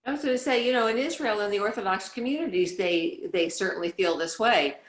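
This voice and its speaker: A woman speaks in a chatty, conversational way during a casual group discussion over a video call. Her voice has a middle pitch. It rings with the echo of the room she is in. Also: fast talker. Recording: echoey room.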